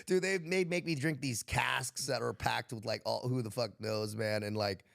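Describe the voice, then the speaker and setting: Gravelly, laid-back American man telling stories. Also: mid-range voice, normal speed, a bit bright. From United States. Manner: laid-back, profane, laughs through his stories. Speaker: guest, military veteran. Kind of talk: casual podcast storytelling.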